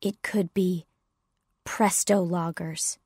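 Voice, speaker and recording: A woman voicing a worried, pessimistic father pine tree in a lowered, grumbling tone. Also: steady tone, slow, darkish tone, slightly rough, no room sound, studio quality, full character voice. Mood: gloomy.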